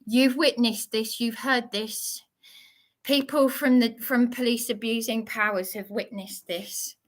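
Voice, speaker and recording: A woman's voice: fairly high pitch, fairly even intonation, a little slow. A woman live streaming, shaken and indignant, stumbling over her words as she talks. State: shaky, worked up. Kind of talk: agitated live-stream monologue.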